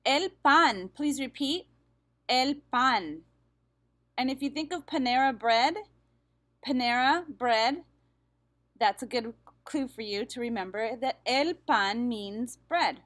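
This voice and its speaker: A woman with a fairly high voice leads a vocabulary lesson at an unhurried pace. She says each word with careful enunciation and pauses for repetition, in the manner of a classroom teacher. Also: expressive, a bit bright. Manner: slow, careful enunciation with repeat-after-me pauses. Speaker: Spanish teacher.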